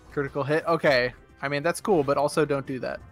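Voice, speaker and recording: A man's voice: fairly high pitch, fairly bright tone. A man playing a video game with a friend, joking and swearing in casual banter. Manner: joking, swearing, quick asides.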